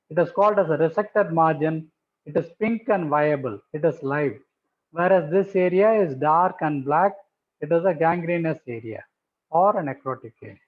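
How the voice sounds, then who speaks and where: A man's voice: on the high side, normal speed. A man giving a methodical pathology lecture over slides, repeating key terms for emphasis. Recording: tinny phone-like audio.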